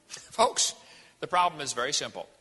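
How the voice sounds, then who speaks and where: A man's voice: fairly high pitch, sing-song, slow pace, bright, forceful tone, breathy edge, in a large hall. A man giving a folksy, emphatic sermon-style lecture. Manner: folksy, emphatic, jokey preaching. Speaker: creationist speaker.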